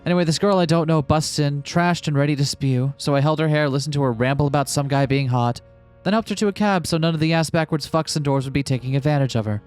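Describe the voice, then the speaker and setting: Brief: man playing a blunt young woman, raised pitch, quiet music bed. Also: fast, smooth, natural voice. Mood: exasperated. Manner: lifts his voice higher and louder for her. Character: tired young woman at a nineties party, blunt and sweary. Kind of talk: reading a text game aloud.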